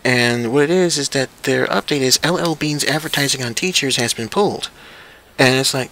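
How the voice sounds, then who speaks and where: A young man rants straight to camera in a loose, swearing, disbelieving way. His voice sits a bit high and comes across bright and forceful, with a faint hiss underneath. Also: fairly quick. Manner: animated, profane, incredulous. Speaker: vlog host. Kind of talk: casual opinion rant.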